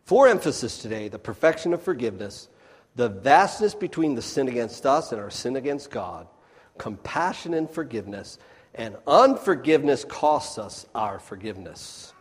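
Male preacher, folksy sermon delivery with loud-to-hushed swings, mid pitch, long hall echo. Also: very animated, normal speed, husky. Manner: swings between loud emphatic bursts and hushed near-whispers; folksy, addresses the crowd as folks.

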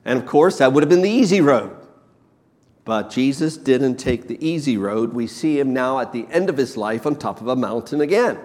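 A man preaching a sermon, slow and emphatic, repeating key words for weight. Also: medium pitch, lively intonation, a little mellow. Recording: long hall reverb.

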